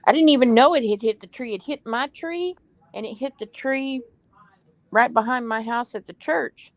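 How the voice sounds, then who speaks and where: A woman in casual chat with a friend, making quick wry remarks. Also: on the high side, dry recording. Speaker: friend co-chatting.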